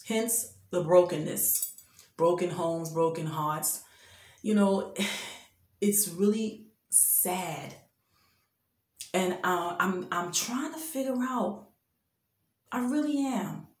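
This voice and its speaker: A woman's voice: on the low side, a little mellow, echoey room. A woman in her fifties giving an impassioned, preachy talk of faith-based advice, speaking emphatically and directly to men. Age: 50s. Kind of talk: impassioned spoken exhortation.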